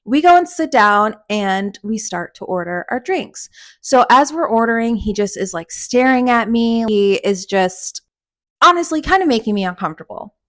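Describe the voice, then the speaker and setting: On her podcast, a young woman recounts something that happened to her, lively and casual, with plenty of cursing. She speaks at an ordinary pace in a rather high voice.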